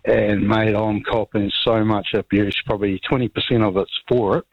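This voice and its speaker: Low-voiced New Zealand caller on a dull phone line. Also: male voice, fairly even intonation, moderate pace, no echo. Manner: casual, rambling, lots of ums and 'mate'. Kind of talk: talkback phone call.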